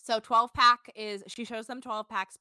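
A woman's voice: fairly high pitch, steady tone, unhurried, pushed and bright, clean tone, no room sound, studio quality. A woman co-hosting a casual podcast, animatedly recapping a reality show, laughing and swearing as she tells it. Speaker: podcast co-host. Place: apartment home.

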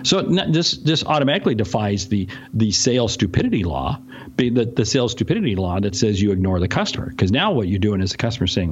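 A man speaking as a sales expert guest in a podcast interview, ranting in an animated way and often interrupting himself. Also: lowish voice, fast talker, lo-fi sound.

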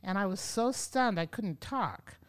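Woman interview guest, clear resonant voice, lively storyteller who acts out what she once said, studio podcast. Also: mid-range voice, unhurried. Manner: lively, acts out her own past words. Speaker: yoga teacher, podcast guest. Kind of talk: conversational storytelling.

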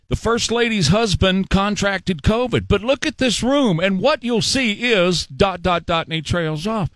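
A man's voice: high-pitched, animated, slow pace, a bit bright, dry recording. A man hosting a talk radio show, mocking and repetitive as he hectors his listeners, speaking from a studio mic. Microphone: studio microphone.

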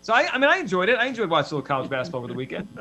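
A man hosting a sports podcast, chatting casually in an animated, rambling way with many restarts. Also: high voice, racing, slight background noise. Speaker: podcast host.

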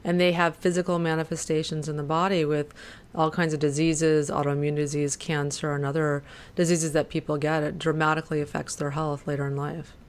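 Low-voiced woman host. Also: flat delivery, brisk. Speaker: interview host. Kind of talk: interview conversation.

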